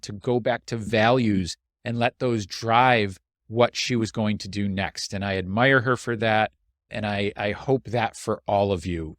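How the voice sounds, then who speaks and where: A man's voice: fairly low pitch, no room sound, clean studio sound. A man hosting his own podcast, talking in an earnest, heartfelt way as he reflects on the past year. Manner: earnest, heartfelt, slow and deliberate. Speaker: podcast host and coach. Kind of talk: reflective solo podcast monologue.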